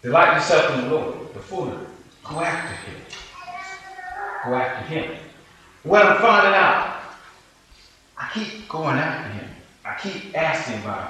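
A man in his sixties preaching a sermon as pastor, in repeated rhythmic phrases that swing from hushed to hollering. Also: a little high, very animated, normal speed, long pauses. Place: church hall. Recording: echoey church from a distance.

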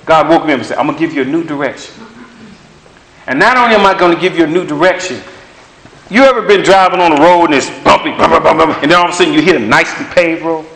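A man races through a sermon with prophetic words, his voice fairly high and fairly bright. He is emphatic and conversational, repeats phrases to drive points home, and the room has noticeable echo.

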